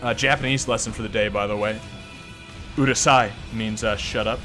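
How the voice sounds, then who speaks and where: A man's voice: fairly low pitch, fairly even intonation, moderate pace, sharp tone, faint music behind. A man streaming gameplay in casual live commentary, rambling, joking and cursing, his throat sore and strained. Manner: rambling, joking, profane, self-deprecating, laughs often.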